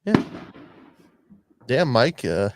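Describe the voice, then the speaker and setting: A man's voice: medium pitch, big pitch swings, very slow, no room sound. A man hosting a podcast, rambling and swearing as he tells stories in casual chat. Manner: rambling, profane, storytelling. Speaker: podcast host.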